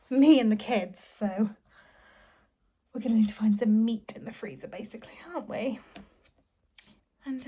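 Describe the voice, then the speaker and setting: A woman's voice: on the high side, mellow. A woman, a homemaker and mother, chatting casually at home in a vlog, tired and rambling with plenty of ums.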